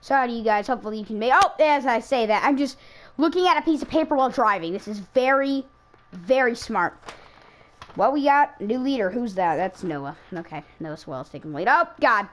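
A woman's voice: on the high side, animated, a little fast. Chatty woman narrating her race game. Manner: chatty, self-mocking, exclaiming at crashes. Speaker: gaming YouTuber racing in an online league. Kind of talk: casual live commentary while playing a racing game.

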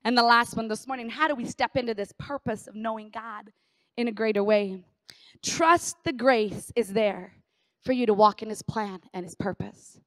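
A middle-aged woman pastor preaching a sermon in an animated, conversational way, repeating phrases for emphasis. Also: fairly high pitch, normal speed, no room sound, clean studio sound.

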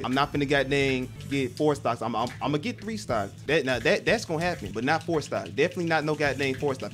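A young man streaming a game, rambling and swearing as he plays, with loud, animated reactions. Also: on the high side. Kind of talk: excitable gameplay commentary.

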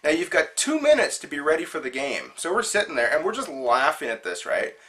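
A man's voice: fairly high pitch, very animated, a little fast, bright, forceful tone. A man hosting his own show, telling a funny story in a chatty, amused way. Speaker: show host. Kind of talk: casual storytelling monologue.

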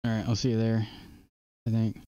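Young male streamer, low voice, dull lo-fi mic, casual gaming banter. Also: monotone, fairly quick, dark tone, dry recording. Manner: laughs often, easily rattled.

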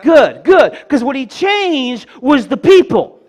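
A male preacher with a strikingly high voice delivers a sermon in church. He leads the congregation in call-and-response and slips in playful joking asides between his points. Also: sing-song, slow, darkish tone.

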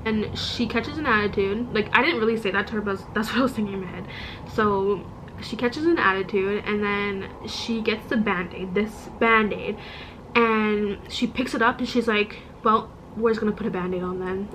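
A woman vlogger telling a story in a casual, animated and exasperated way, demonstrating with objects as she goes. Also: mid-range voice, moderate pace, background noise. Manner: demonstrates with objects while talking.

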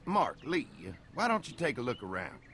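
A friendly game farmer, lively voice, faint noise behind. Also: male voice, a little high, normal speed. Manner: polite, helpful. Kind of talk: video game voice acting.

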